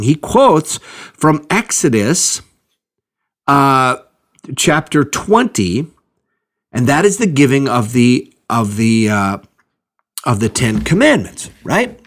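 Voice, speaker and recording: A man's voice: mid-range voice, a bit bright. A middle-aged man preaching a sermon, teaching through a Bible passage in a conversational way with frequent check-ins. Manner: conversational, with restarts and check-ins like "okay?" and "right?". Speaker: pastor.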